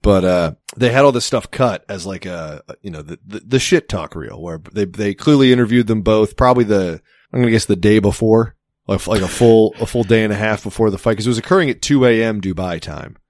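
A man's voice: on the low side, a little fast, a little mellow, no echo, studio quality. A man in casual chat, telling a rambling story with plenty of swearing and laughter.

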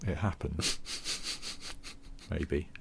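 A man's voice: rumbling low, very slow, creaky, a bit bright, slightly rough. A man co-hosting a podcast, chatting casually in a rambling, self-deprecating way. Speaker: podcast co-host. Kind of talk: casual chat.

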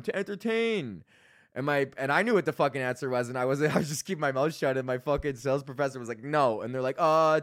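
A man's voice: medium pitch, no echo. Young canadian guy ranting on his podcast, swears constantly, laughs a lot, dead dry mic. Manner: profane, rambling, laughs often. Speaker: podcast host. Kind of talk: casual ranting monologue.

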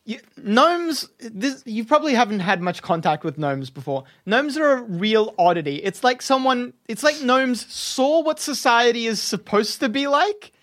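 A man narrating as game master of a tabletop game, playful with quick asides. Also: very high-pitched, animated, fairly bright tone.

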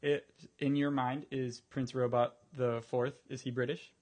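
A man's voice: medium pitch, level tone, a little slow, a little mellow. A man co-hosting a casual podcast, speaking hesitantly and often restarting his sentences. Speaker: podcast co-host. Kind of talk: casual chat.

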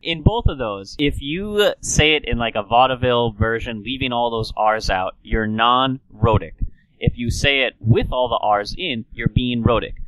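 A man's voice: medium pitch, normal speed, fairly bright tone, no room sound, low-quality recording. A man hosting a talk, explaining speech science in a playful, chatty way. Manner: playful, slips into an old-timey radio announcer voice.

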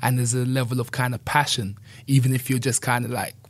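A man's voice: mid-range voice, flat delivery, fairly quick, husky, no room sound. A man speaking earnestly and candidly as an interview guest, often adding "you know". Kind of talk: reflective conversational interview.

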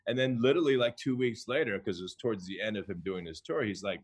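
A man with a fairly low voice tells kitchen stories as a podcast guest. He talks in an animated way, often restarting his phrases and slipping into the voices of people he quotes. He grew up in the United States. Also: quick pace, hardly any pauses, husky. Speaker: chef and guest. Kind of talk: conversational storytelling.

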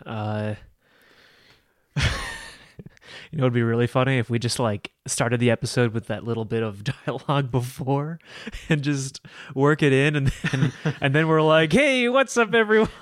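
A man co-hosting a podcast in casual chat, playful and quick to laugh. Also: mid-range voice, no room sound, clean studio sound. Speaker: podcast co-host.

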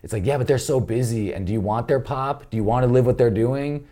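A man's voice: mid-range voice, fast talker, dark tone. A young adult man, a comedian guest in casual podcast chat, talking candidly and rambling, swearing freely and acting out quotes.

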